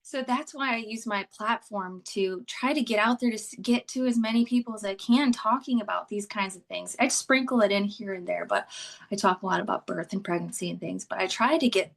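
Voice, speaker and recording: A woman's voice: medium pitch, fairly quick, vocal fry. Woman guest, ICU nurse, heartfelt, emotional, stop-and-start conversation. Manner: heartfelt and emotional, rambling restarts. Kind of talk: conversational podcast interview.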